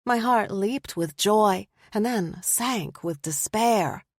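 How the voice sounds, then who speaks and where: A woman reading a first-person story aloud, expressive and lively. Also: medium pitch, slow, dry recording, studio quality. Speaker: audiobook narrator. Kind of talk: scripted first-person narration.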